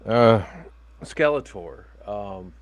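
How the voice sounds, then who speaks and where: A man's voice: fairly low pitch, expressive, extremely slow, no echo. A man co-hosting a podcast in casual chat, joking and playful. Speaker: podcast co-host.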